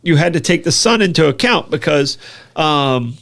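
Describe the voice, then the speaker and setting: An American man co-hosting a casual talk show, chatty and quick to joke. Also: a little high, animated, creaky, fairly bright tone. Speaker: co-host. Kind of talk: casual chat.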